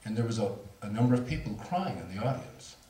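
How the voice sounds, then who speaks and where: A man's voice: fairly low pitch, animated, quick pace, mellow. Middle-aged man telling a story from far off. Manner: candid, self-mocking, laughs through the story. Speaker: speaker. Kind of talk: storytelling talk to an audience. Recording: roomy hall, voice from far off.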